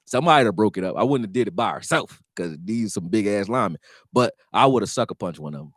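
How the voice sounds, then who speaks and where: A man talking casually on a sports live stream, profane and animated, answering his chat. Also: on the low side, fast, no room sound, clean studio sound.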